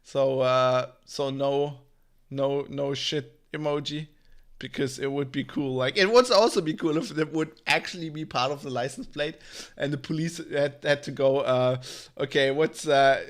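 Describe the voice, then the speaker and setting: A man's voice: mid-range voice, moderate pace. A man hosting a casual livestream tech news show, rambling with lots of fillers, laughing and swearing.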